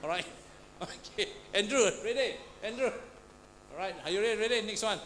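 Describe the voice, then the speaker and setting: A man's voice: sits high, fairly quick. A man teaching a class, quizzing students with frequent "huh?" and "all right". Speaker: Pathfinder class instructor. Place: church classroom. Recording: noisy room recording.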